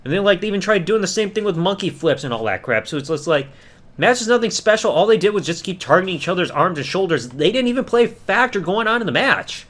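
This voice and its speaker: A man hosts a podcast and rants casually through a review. His voice sits a little high and swings widely in pitch. He now and then mocks people with put-on voices. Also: fast. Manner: animated, ranting, mocking voices. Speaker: podcast host.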